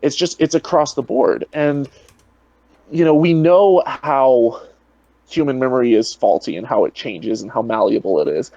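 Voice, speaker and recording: A man's voice: mid-range voice, normal speed, dark tone, no room sound, dull audio. A man talking as a guest in a casual online debate, rambling and full of "you know" fillers over a video call. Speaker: guest, atheist video creator.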